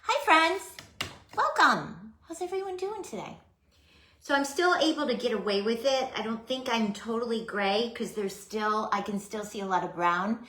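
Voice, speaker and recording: A woman's voice: on the high side, lively intonation, moderate pace, a bit bright, roomy sound. A middle-aged woman hosting a casual craft livestream, chatting to viewers by name and laughing at herself.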